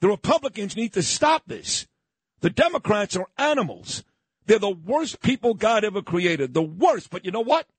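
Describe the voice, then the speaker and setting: A man hosting a morning talk radio show, loud, combative and ranting. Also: sits high, very animated, normal speed, slightly rough, dry recording. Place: radio studio.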